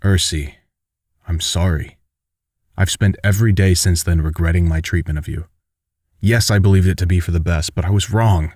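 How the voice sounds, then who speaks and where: A remorseful, condemned older father, soft and regretful, as the narrator plays him. The voice is deep and low-set. It sounds close and dry. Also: steady tone, normal speed, dry recording. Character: remorseful imprisoned father, older man facing death.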